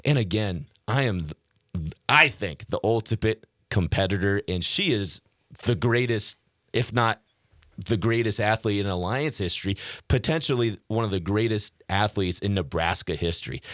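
A man hosting a radio show who talks in an animated, boastful way. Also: fairly low pitch, moderate pace, no room sound, clean studio sound. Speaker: radio host. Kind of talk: casual radio chat.

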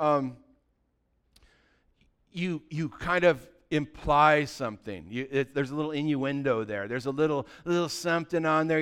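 Animated male pastor, smooth voice. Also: on the high side. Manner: animated, conversational preaching with rhetorical questions. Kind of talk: sermon.

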